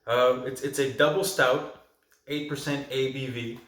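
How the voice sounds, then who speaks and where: A man's voice: medium pitch, fairly even intonation, unhurried, a bit bright. A man in the middle of his range chats to camera like he's hanging out with a friend, rambling along with plenty of ums and restarts. His voice carries a noticeable room echo, as if recorded at home in a bare space. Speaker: vlog host reviewing films and beer. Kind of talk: casual rambling chat to camera. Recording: echoey room.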